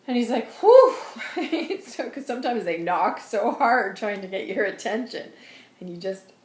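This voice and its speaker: A woman giving an intuitive reading in a chatty, earnest vlog style with quick asides. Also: mid-range voice. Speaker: intuitive reader and channeler. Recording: roomy echo.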